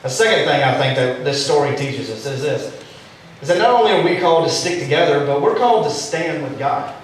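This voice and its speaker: A man's voice: fairly high pitch, lively intonation, fairly quick. Echoey, distant man preaching a sermon. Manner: storytelling preacher with a joking turn. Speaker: pastor. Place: church sanctuary. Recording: echoey and distant, faint room noise.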